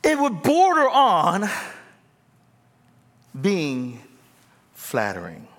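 A pastor preaching a lively sermon, acting out scenes and swinging from whispers to shouts. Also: male voice, high voice, very slow, in a large hall.

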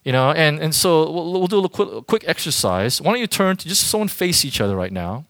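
A man's voice: on the high side, sing-song, fairly quick, a bit bright, no room sound, clean studio sound. Man preaching casually to a youth group. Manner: conversational, emphatic, addresses audience directly. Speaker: youth pastor. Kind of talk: informal sermon to a youth group.

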